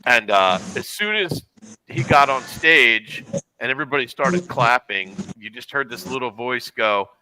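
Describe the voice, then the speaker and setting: A man's voice: medium pitch, lively intonation, unhurried, background noise. A man chatting casually on a podcast and telling rambling anecdotes with asides. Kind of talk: casual chat.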